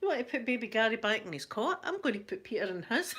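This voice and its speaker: A middle-aged Scottish woman, hosting a live chat, telling a story in a chatty, animated way. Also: fairly high pitch, a little hiss or hum. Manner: chatty, animated retelling with laughter. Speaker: livestream host.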